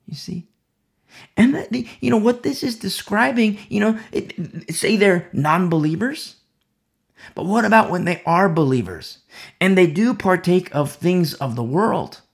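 A Bible teacher giving an informal, conversational talk to a home fellowship, rambling with many asides and restarts. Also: medium pitch.

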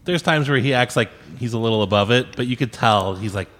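A man chiming in with quick, wry remarks during casual chat. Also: mid-range voice, a bit bright, long reverb tail.

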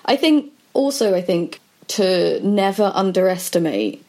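A woman in a relaxed podcast conversation, telling stories in a chatty way and acting out what people said. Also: medium pitch, measured pace. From Britain. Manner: chatty storyteller acting out quoted dialogue.

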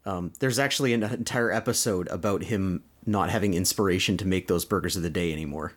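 A man co-hosting a podcast, chatting in a relaxed way and adding brief asides. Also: low voice, quick pace. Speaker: podcast co-host. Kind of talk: casual podcast chat.

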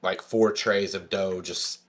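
A man narrating as game master of a tabletop game, relaxed and halting, with many fillers. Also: sits low.

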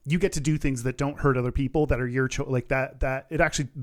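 A man's voice: medium pitch, steady tone, fast. A man co-hosting a podcast in casual chat, earnest and loose, swearing offhandedly. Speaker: podcast co-host.

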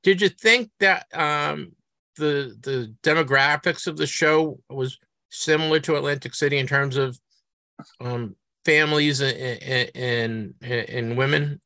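A middle-aged man with a Boston accent, hosting a relaxed chat. His voice is bright and forward, recorded dry and close. He stumbles and restarts as he asks his questions. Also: fairly high pitch, no room sound. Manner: halting, restarts often, chatty. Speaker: podcast host. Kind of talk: casual interview chat.

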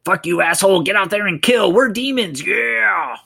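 Brief: foul-mouthed demon on the line, pushy and loud, as a man puts it on. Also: high voice, moderate pace, gravelly, husky, pitched above the performer's own voice, exaggerated voice. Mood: aggressive. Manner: switches from soft lilting lure to crude aggression. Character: menacing male demon on a phone line.

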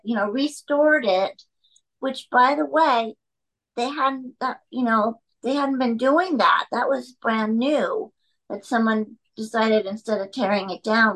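A woman's voice: fairly high pitch, fairly bright tone, rough recording. A middle-aged actress telling rambling anecdotes at home in a casual interview, stopping to talk to her cat.

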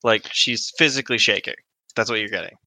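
A man running a tabletop game, chatty and loose with plenty of fillers. His voice is bright, crisp and forward, recorded dry and close. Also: fairly low pitch, a little fast, no echo, rough recording. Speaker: game master.

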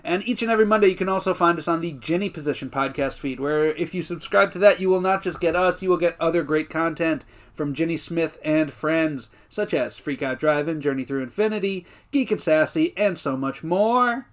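A man co-hosting a podcast, casually retelling TV episode scenes in quick quoted voices and laughing often. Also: a little high. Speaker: podcast co-host. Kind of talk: casual chat recapping TV episodes.

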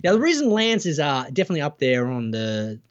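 A man's voice: fairly high pitch, fast, highs cut off. A man, co-hosting a podcast in casual chat, joking and often restarting his sentences. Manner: animated, joking, restarts a lot. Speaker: podcast co-host.

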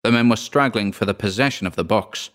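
Deep voiced guy reading a spooky old ghost story, measured and expressive. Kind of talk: scripted narration of a ghost story.

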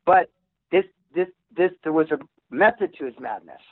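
Rambling rock musician on a phone line. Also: male voice, a little high, expressive, moderate pace, no room sound. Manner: rambling with many restarts. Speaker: musician guest. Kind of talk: casual interview storytelling.

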